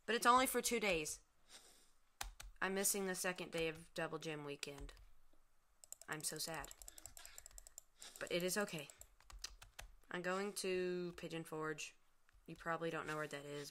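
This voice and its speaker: A woman's voice: deep voice, moderate pace, pauses often, a bit bright, a little hiss or hum. A woman from the United States giving casual let's-play commentary at her computer, chatty and often dropping into playful murmurs and whispers. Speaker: gaming video host. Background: faint keyboard and mouse clicks.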